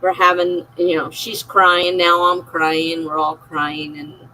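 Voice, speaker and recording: A woman's voice: fairly low pitch, little pitch movement, slow pace, pushed and bright, a little hiss or hum, poor audio. A middle-aged woman streaming a personal, emotional monologue, confiding and circling back on herself as she talks. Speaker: live streamer.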